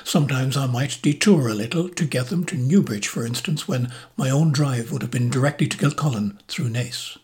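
Older man, Irish accent, memoir reading, measured, reflective, soft breathy endings. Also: mid-range voice. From Ireland. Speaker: narrator, motoring and travel journalist.

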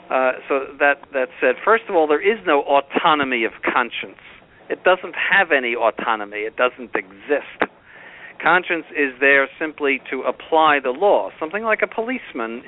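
A man giving stern doctrinal commentary, driving his points home with firm repetition. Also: mid-range voice. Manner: emphatic, repeats points firmly. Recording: phone-like narrow band.

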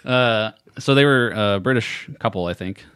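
American guy on a podcast, lowish voice, rambling story, trails off, dry close mic. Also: moderate pace, clear, resonant tone, no echo. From United States. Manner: rambling, laughing, trails off quietly. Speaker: podcast co-host. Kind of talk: casual storytelling chat.

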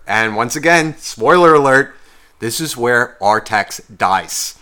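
A man's voice: mid-range voice, lively intonation, slow pace, pushed and bright. A young man co-hosting a podcast, telling a long story in a heated, swearing casual rant. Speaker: podcast co-host.

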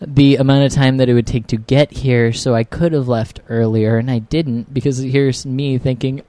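A man's voice: medium pitch, fairly even intonation, moderate pace, hardly any pauses, dark tone, no echo. A man from California, a comedian guest on a podcast, joking and self-deprecating, laughing often as he chats casually.

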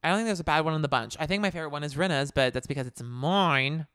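Chatty podcast co-host, smooth voice, emphatic, gossipy recap; dry close mic. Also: medium pitch, fast, a bit bright, no echo. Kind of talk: casual chat recapping a reality show.

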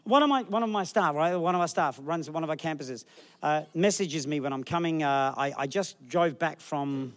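A man's voice: fairly high pitch, normal speed. A middle-aged man preaching a sermon as a pastor, telling jokey stories and putting on voices for the people he quotes. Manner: jokey, animated storytelling with put-on quoted voices.

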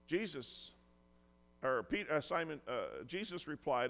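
A man's voice: a little high, normal speed, fairly bright tone, in a large hall. A man preaching a sermon as pastor, earnest and emphatic, acting out quoted lines with feeling.

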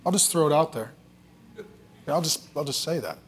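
A middle-aged male pastor preaching in a relaxed, conversational way, telling family stories and cracking self-deprecating jokes. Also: a little high, brisk, slight background noise. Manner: joking, self-deprecating storyteller.

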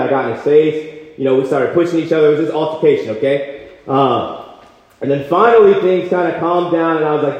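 A young man preaches with passion and swings between loud bursts and low, quiet endings. His somewhat high voice rings through a large echoing hall. The sound is a little dull. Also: fast. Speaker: campus retreat speaker. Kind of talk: sermon with personal story.

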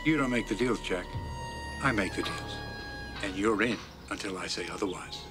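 A man's voice: on the low side, normal speed, natural voice. An actor playing a menacing male crime boss who gives cold, commanding orders, heard in a film clip. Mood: threatening. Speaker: film character in a played clip. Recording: film audio under loud music.

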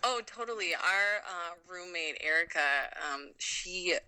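A woman in her thirties from Minnesota, chatting casually as an interview guest. Her voice is bright and forward, set a little low for a woman. She talks in an upbeat, rambling way with plenty of fillers. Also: unhurried, smooth, rough recording. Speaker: guest, ultrarunner.

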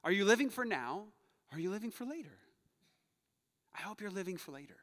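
Um jovem pastor pregando um sermão, contando histórias com humor e exortando a congregação com ênfase crescente. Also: male voice, high voice, expressive, brisk. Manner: storytelling, joking, rising to loud urging. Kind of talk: sermon. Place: church sanctuary. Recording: long hall reverb.

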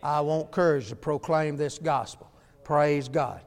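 Male preacher, high clear voice, emphatic folksy sermon, long reverb in a hall. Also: unhurried. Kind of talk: fiery sermon.

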